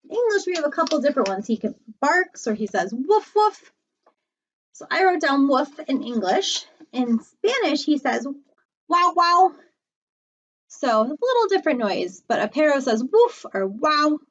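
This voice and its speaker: A woman librarian teaching small children animal words, slow and encouraging, with cheerful praise. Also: high voice, very animated, dull audio.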